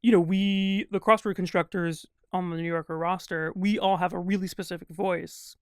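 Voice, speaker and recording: A man chatting as a guest in an interview, thinking out loud in long, winding sentences full of fillers. His voice has a gravelly fry but stays smooth and resonant underneath. The sound is dry and close. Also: high voice, fairly even intonation, moderate pace, no room sound. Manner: thoughtful, rambling with many fillers. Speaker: guest crossword constructor. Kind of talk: casual interview conversation.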